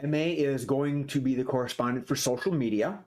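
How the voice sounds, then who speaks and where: A man hosting a short-form improv comedy show, announcing games and anchoring a mock newscast. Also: a little fast. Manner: lively, leaps up in pitch when excited.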